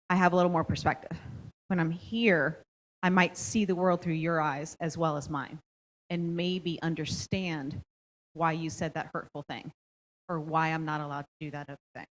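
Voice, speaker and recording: A woman's voice: sits low, steady tone, moderate pace, rough recording. A middle-aged woman presenting a parenting workshop, explaining step by step and often checking in with "okay?". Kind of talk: instructional presentation.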